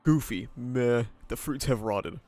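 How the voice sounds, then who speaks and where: A man's voice: medium pitch, slow pace, dark tone, no echo. Laid-back stuffy-nosed young man streaming. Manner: laid-back, laughing, swearing, greets chatters by name. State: stuffy nose. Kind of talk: casual livestream chat with viewers. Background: video game soundtrack music.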